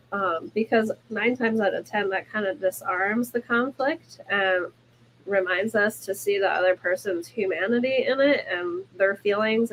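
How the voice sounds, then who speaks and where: A woman's voice: mid-range voice, fairly bright tone, a little hiss or hum, poor audio. A woman co-hosting a relationship coaching talk, explaining ideas in long flowing sentences. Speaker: life coach co-host. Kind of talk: casual conversation.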